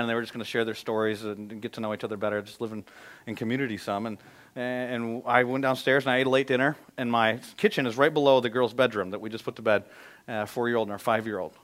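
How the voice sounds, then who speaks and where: A man in his thirties preaching a sermon as pastor, telling stories with animated swings from quiet to loud. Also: mid-range voice.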